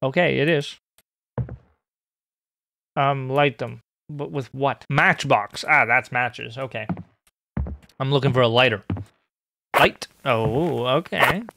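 A young man streaming a horror game, joking and excitable, bursting into high squeaky outbursts. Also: slow, creaky, pauses often, slight background noise. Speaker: gaming streamer.

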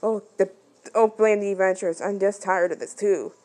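In this low-quality phone screen recording, a woman hosting a channel rambles casually while playing a game, often giggling and exclaiming. Her medium pitch stays fairly even, at a normal speed. Loud game music fills the background.

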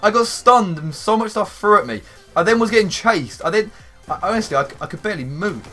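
A young-sounding man narrates his gameplay in a bright, fairly high voice. His pitch swings widely as he rambles, swears and suddenly shouts. Faint game music plays behind him. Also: animated, a little fast. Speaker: gaming YouTuber. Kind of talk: live gameplay commentary.

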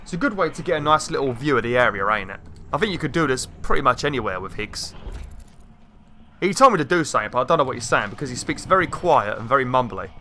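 A man gives casual let's-play commentary with a bright, forward tone. He is excitable and swears freely. He often talks straight to the creatures in the game. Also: medium pitch, fast talker, a little hiss or hum. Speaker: gaming channel host.

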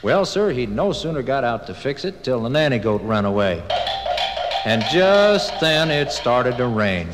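A man's voice: medium pitch, big pitch swings, a little slow, in a large hall, loud music behind the voice, rough recording. A man narrating a children's tale in a homespun, yarn-spinning way. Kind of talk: folksy storytelling.

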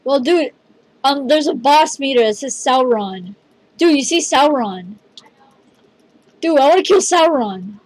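A woman hosting a gameplay video with a fairly high voice. She talks in an excitable, rambling way, leaning on "dude" as she reacts. Her delivery is loose, casual commentary. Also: a little slow, pauses often, no echo, poor audio.

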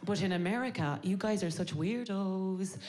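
A woman's voice: medium pitch, moderate pace, very noisy. A woman in her thirties with an Irish accent, performing bawdy stand-up comedy on a stage. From Ireland. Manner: brash, bawdy, animated storytelling. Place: theatre stage.

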